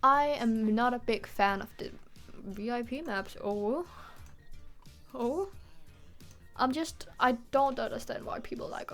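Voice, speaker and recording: A woman's voice: a little high, unhurried, pauses often, a bit bright, faint music behind. A young woman from Denmark, giving exasperated, swearing commentary while she streams a game. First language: Danish. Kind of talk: live gameplay commentary.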